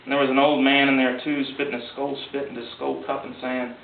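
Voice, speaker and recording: A man reading his own story aloud at a live event in a gallery, in a plain, wry, unhurried way. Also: mid-range voice, level tone, creaky. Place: art gallery. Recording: echoey gallery from far off, tinny with hiss.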